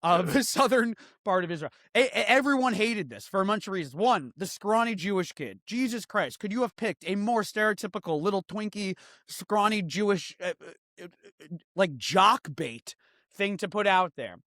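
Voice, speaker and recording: Male comedy-news host, high voice, dry close sound, sarcastic and animated with loud bursts. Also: no room sound. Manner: sarcastic, animated, swings from loud outbursts to quick asides. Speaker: podcast host.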